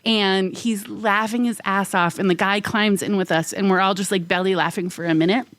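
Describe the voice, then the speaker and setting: A woman co-hosting a podcast, telling a casual story full of "like" fillers and acting out quoted voices with big jumps in pitch. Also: fairly even intonation, normal speed, fairly bright tone, no room sound, studio quality. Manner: frequent "like" fillers. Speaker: podcast co-host.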